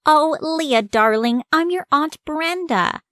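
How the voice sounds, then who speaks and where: Animated story: woman doing a tipsy, gushing aunt, high and drawn-out, dry close mic. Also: no room sound. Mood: drunk gushing. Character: drunk gushing middle-aged aunt, female.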